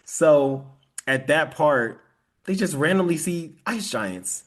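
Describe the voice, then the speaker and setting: Rambling, animated man on a podcast. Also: a little high, slow. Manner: animated, laughs often, rambling with restarts. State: tired. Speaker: podcast co-host. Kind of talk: casual chat.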